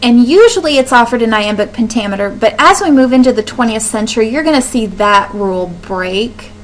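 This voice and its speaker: A woman's voice: on the high side, expressive, fairly quick, a little hiss or hum, rough recording. A woman teaching a recorded lecture over slides, explaining step by step, often asking a question and then answering it herself, with frequent ums and restarts.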